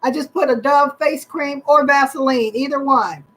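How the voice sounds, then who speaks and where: A woman's voice: high-pitched, moderate pace, a bit bright, rough recording. A middle-aged woman from Michigan, hosting a casual live chat and reading out comments from her viewers. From Michigan, USA. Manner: upbeat, chatty, reads out viewer comments. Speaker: livestream host.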